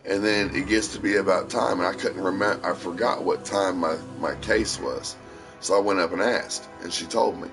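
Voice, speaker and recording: A man's voice: deep voice, moderate pace, music in the background. A man casually telling a long story, rambling and swearing freely with a tough edge. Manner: profane, rambling, tough-talking. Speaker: streamer.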